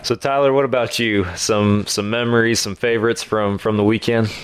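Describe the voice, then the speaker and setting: A man hosting a podcast, relaxed and casual, prompting guests for stories. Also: on the low side, moderate pace, slight background noise. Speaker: podcast host.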